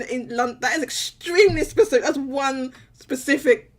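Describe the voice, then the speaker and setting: A woman's voice: high-pitched, normal speed, recorded from a distance. A woman hosting a casual call-in stream, laughing often and restarting her sentences. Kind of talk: casual chat.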